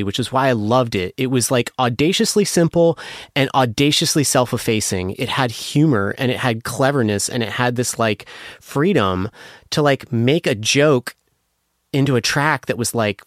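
A man speaks casually in an interview, gushing about music he loves and circling back with many fillers and restarts. His voice is smooth and clear, recorded close in a dry space. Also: medium pitch, dry recording. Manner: emotional, apologetic when moved. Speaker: music producer guest.

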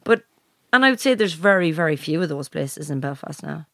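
A woman's voice: low-pitched, lively intonation, brisk, dry recording, clean studio sound. A woman in easygoing podcast chat, using lots of fillers. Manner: easygoing, filler-heavy talk. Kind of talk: casual chat.

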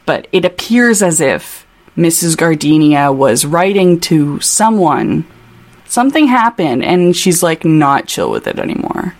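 A woman's voice: low-pitched, lively intonation. A woman co-hosting a podcast, chatting casually about a book, laughing and reading passages aloud. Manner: chatty, giggly, quick asides. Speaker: podcast co-host.

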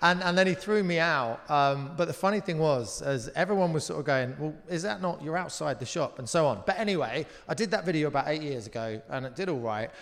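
A British man, a comedian guest on a live talk show, telling a lively anecdote and slipping into quoted voices, with casual swearing. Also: fairly high pitch, brisk, creaky, few pauses. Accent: British English. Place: live venue stage. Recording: long reverb of a live venue.

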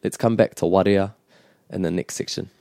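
Man, lowish voice, as a patient language teacher who repeats words slowly. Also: steady tone, creaky, mellow, dry recording, clean studio sound. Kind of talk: bilingual language lesson chat.

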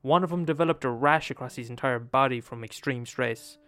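A man's voice: medium pitch, fairly quick, a bit bright, no room sound. Profane Irish man telling a story. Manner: profane, repetitive, conversational. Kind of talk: casual storytelling retelling a history.

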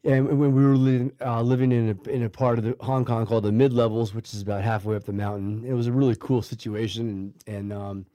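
A man's voice: mid-range voice, level tone, fast talker, few pauses, warm tone, no room sound, lo-fi sound. A middle-aged man casually telling a long story, with many restarts and fillers, acting out what people said. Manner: rambling, many restarts and fillers, acts out quoted voices. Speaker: guest telling a life story.

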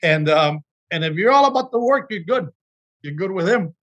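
A man's voice: high-pitched, animated, normal speed, fairly bright tone. A man, an actor, telling earnest, emotional stories from his work in a casual interview chat. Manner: earnest, emotional storytelling with restarts. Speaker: actor guest.

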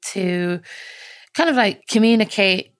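A woman's voice: medium pitch, lively intonation, slow, no room sound. An Irish woman from Ireland leaving a casual recorded message, chatty and self-mocking with dry sarcasm. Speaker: guest.

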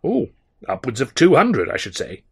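A man reading an audiobook, voicing a formal, unflappable butler with measured, deferential precision. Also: mid-range voice, wildly swooping pitch, darkish tone, breathy edge, pitched above the performer's own voice, full character voice. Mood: measured, polite. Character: formal, unflappable male English butler, middle-aged.

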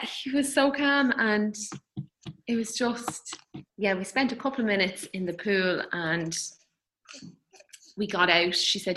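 Bright-voiced woman telling a birth story. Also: medium pitch, slight background noise, low-quality recording. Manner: tender, halting, many fillers and restarts. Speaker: guest. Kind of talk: personal birth story in conversation.

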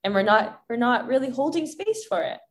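A woman guest in a casual spiritual chat, earnest and preachy, acting out gentle inner dialogue. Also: on the high side, sing-song, a little fast.

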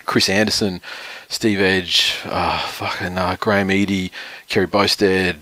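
A man's voice: deep voice, level tone, a little slow, bright, forceful tone, dry recording. A middle-aged man with an Australian accent, rambling through a casual story, swearing often and laughing. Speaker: podcast co-host. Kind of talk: casual chat.

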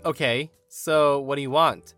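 A man's voice: mid-range voice, steady tone, unhurried, fairly bright tone, soft background music, natural voice. A man reading a story voices an entitled, defensive mother who talks in a dismissive, indignant way, with a voice close to his own. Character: entitled defensive mother, middle-aged woman.

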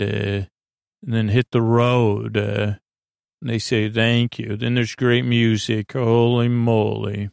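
A man's voice: medium pitch, creaky, clear, resonant tone, no echo, clean studio sound. A man hosting a podcast, casually recapping a TV episode scene by scene, paraphrasing the dialogue with lots of filler uhs. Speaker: podcast host.

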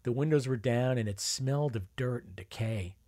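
A man's voice: mid-range voice, normal speed, warm tone, no room sound, clean studio sound. A man narrating a memoir in a wry, conversational storytelling manner. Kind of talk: memoir reading.

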